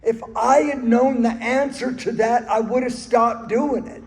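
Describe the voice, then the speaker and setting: This is a man speaking earnestly about his own recovery, using stories and repeated phrases to drive points home. He has a very high, slightly mellow voice with fairly even intonation and a somewhat slow delivery, captured in an echoing hall.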